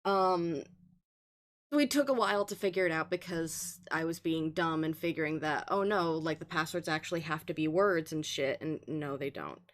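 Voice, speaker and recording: A woman's voice: low-pitched, normal speed. Casual streamer woman, recaps the plot loosely, fillers and laughs. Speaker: stream host recapping a game. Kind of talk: casual let's play chat.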